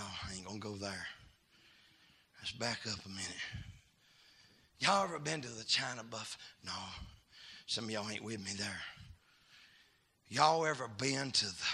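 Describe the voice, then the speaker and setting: A man preaching a fiery sermon, calling out to the congregation and swinging from hushed asides to shouting. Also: on the low side, gravelly, breathy edge.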